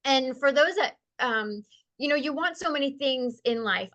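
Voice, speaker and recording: A woman with a bright, slightly raised voice tells a personal story in a casual, conversational way. She is animated and expressive and laughs easily. She slows and softens when she turns to calmer thoughts. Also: high-pitched, muffled recording. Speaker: guest sharing a spiritual experience.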